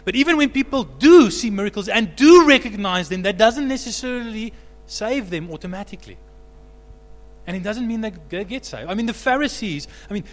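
A male pastor preaches with animated energy, building to loud, emphatic peaks. His voice sits fairly high and rings out with the long echo of a church hall. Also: fairly quick. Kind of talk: sermon.

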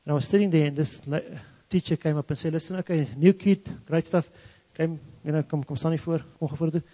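A man's voice: fairly high pitch, steady tone, fast, dark tone. A man from South Africa's Free State with an Afrikaans South African accent, a native Afrikaans speaker, telling a story as a testimony and switching between English and Afrikaans. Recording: dull lo-fi sound in a reverberant hall.

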